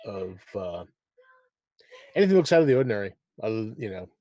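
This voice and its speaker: A man's voice: on the low side, sing-song, brisk, mellow, dry recording, muffled recording. A man playing a tabletop game, thinking aloud and repeating his words as he reasons. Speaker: player. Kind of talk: casual chat as a tabletop player.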